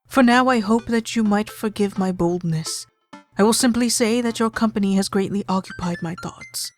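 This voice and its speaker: A woman voicing a dramatic, formal gothic man reading a flowery love letter in a game let's play, slow and theatrical. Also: medium pitch, close to an everyday voice.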